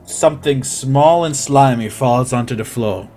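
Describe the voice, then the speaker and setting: A man's voice: mid-range voice, measured pace, warm tone. A man serving as game master, describing scenes in a loose, rambling way full of filler words. A faint hum of room ambience sits behind his voice. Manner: loose, filler-heavy narration. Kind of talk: narrating a tabletop game.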